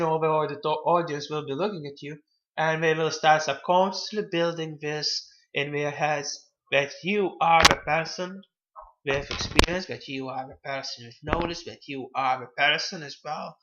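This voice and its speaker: Man giving halting self-help advice. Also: a little high, a bit bright, dull audio. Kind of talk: casual advice talk.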